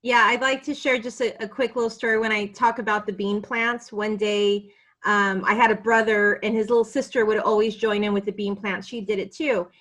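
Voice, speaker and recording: A woman's voice: mid-range voice, steady tone, brisk, a bit bright. A woman teacher on a video call, telling a heartfelt story in an earnest, emotional way.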